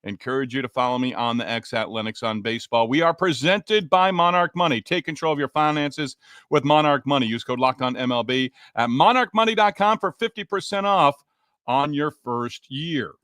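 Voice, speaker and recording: A man hosting a solo sports podcast, with a voice of middling pitch. He talks straight to listeners with energy and emphasis. The sound is dry and close to the mic. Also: moderate pace, a bit bright, smooth, dry recording. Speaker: podcast host.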